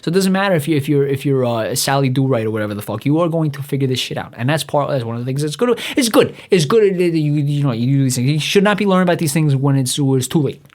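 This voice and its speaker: This young man from New runs a solo podcast, swearing heavily in a rambling rant where he often trips over words and starts again. His medium-pitched voice is expressive and darkish in tone, and he talks fast with few pauses.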